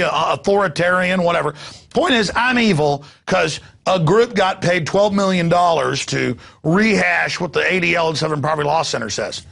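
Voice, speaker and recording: Brief: fiery male talk show host, gravelly and husky, sarcastic ranting delivery. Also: on the high side, fairly bright tone. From United States. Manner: ranting, sarcastic, mocking asides. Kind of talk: talk radio rant.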